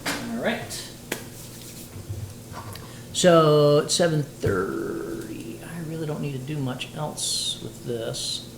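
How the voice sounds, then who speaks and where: A man's voice: fairly high pitch, slow, long pauses. A man chatting playfully with his livestream viewers as he cooks dinner in his home kitchen. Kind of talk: casual livestream chat while cooking. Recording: echoey kitchen with sizzling pan noise.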